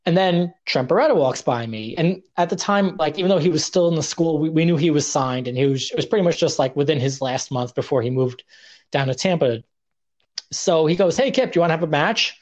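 A man's voice: a little high, fairly quick, a little mellow. Rambling young man telling stories. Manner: rambling, self-deprecating, with many fillers and restarts. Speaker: guest, indie wrestler. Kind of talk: casual storytelling interview.

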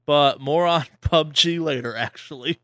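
A man's voice: on the high side, measured pace, a bit bright, no room sound. A man hosting a casual podcast, joking around and swearing while he rambles. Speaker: podcast host.

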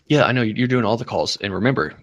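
Gravelly, bouncy-voiced man joking around. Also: fairly low pitch, lively intonation, dry recording, dull audio. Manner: rapid, profane, teasing. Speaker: host. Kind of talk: casual chat.

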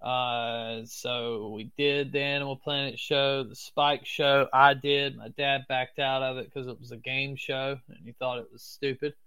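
In a bright, forceful, smooth mid-range voice with level tone, he speaks unhurriedly with few pauses. This Florida man, strongly Southern-accented, tells casual stories as a podcast guest, laid-back and swearing freely.

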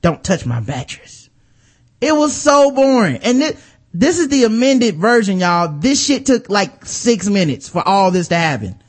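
A man's voice: high-pitched, big pitch swings, normal speed. A man co-hosting a podcast in casual, profane, sarcastic chat, telling stories with animation. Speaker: podcast co-host.

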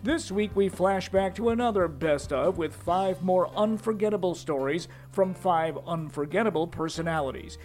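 A man's voice: high voice, moderate pace, few pauses, a little mellow. A man hosting a podcast, giving an upbeat, announcer-like scripted introduction. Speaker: podcast host. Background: faint music.

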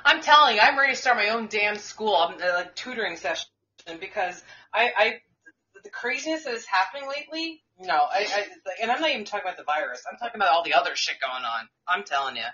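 A woman's voice: mid-range voice, fast, husky. Outspoken New woman co-host. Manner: animated, profane, outspoken. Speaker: co-host, teacher. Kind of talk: casual podcast chat. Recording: dull lo-fi audio.

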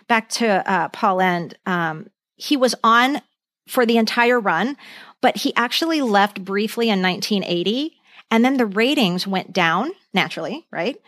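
A woman's voice: medium pitch, fairly bright tone, dry recording, studio quality. A woman co-hosting a podcast, chatting enthusiastically and reading out lists of trivia. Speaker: podcast co-host. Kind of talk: casual chat.

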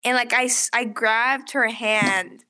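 Brief: high, bright-toned woman, rambling chatty guest storyteller. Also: steady tone, takes it slowly, clear, resonant tone. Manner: rambling storyteller, heavy use of "like". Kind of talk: casual chat.

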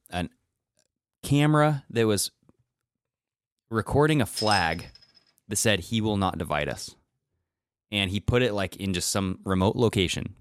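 A man's voice: deep voice, clear, resonant tone, no room sound, clean studio sound. A man telling a long, rambling story in casual podcast chat, with lots of fillers and restarts.

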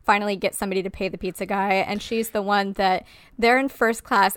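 A woman's voice: medium pitch, fairly even intonation, a little fast, clean tone, no echo. A woman talking casually about a film, emphatic and profane, laughing often.

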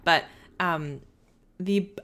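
A woman with a notably low voice chats about a novel on a podcast. She is blunt and wry, with a relaxed conversational delivery. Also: drawn-out words. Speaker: podcast co-host. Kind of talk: casual book discussion.

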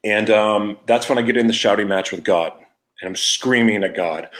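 Man, low voice, podcast host, confessional storytelling, candid, emotional, halting restarts. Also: fairly bright tone.

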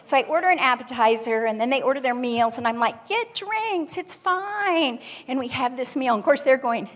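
A woman telling a personal story to an audience in a lively, animated way. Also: fairly high pitch, quick pace, long reverb tail.

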